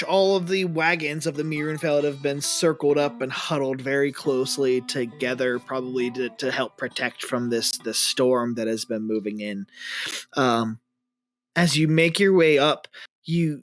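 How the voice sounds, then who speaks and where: A man's voice: fairly high pitch, fairly bright tone. A man narrating as dungeon master, rambling with many ums and restarts. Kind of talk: narrating a tabletop game.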